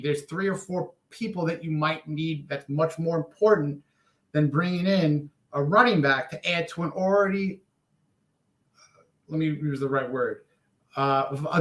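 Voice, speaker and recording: A man with a slightly high voice giving his opinions on a sports podcast. He rambles, restarts and corrects himself as he talks. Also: a bit bright. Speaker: podcast co-host. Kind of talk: casual sports podcast chat.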